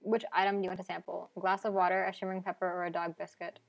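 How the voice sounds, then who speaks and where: A woman's voice: lowish voice, little pitch movement, very fast, vocal fry, muffled recording. Wry woman streamer reading a game. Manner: wry, playful narration with asides.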